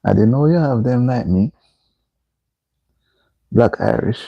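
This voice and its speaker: A man's voice: medium pitch, animated, takes it slowly, vocal fry, no echo, dull audio. A man hosting a casual live stream, reading viewer comments aloud and repeatedly asking people to like the stream. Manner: reads viewer comments aloud and keeps urging likes.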